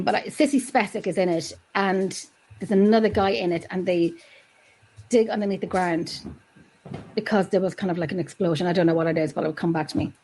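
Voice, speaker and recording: A woman's voice: medium pitch, darkish tone, low-quality recording. A woman co-hosting a casual chat show, chatty and rambling, laughing often.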